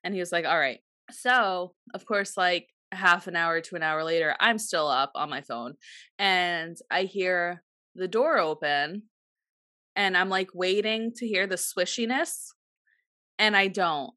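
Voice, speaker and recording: Woman podcast host, bright clear voice, dry close mic, acts out the quotes as she tells stories. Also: fairly low pitch, a little slow, no echo. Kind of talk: casual chat.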